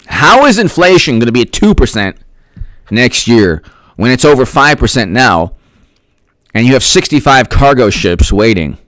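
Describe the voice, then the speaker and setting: A man's voice: medium pitch, measured pace, long pauses, no room sound, studio quality. A man hosting a casual political livestream, thanking viewers by name and firing off repeated rhetorical questions. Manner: animated rhetorical questions, repeats lines for emphasis. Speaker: political commentary livestream host. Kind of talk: casual livestream commentary, reading chat.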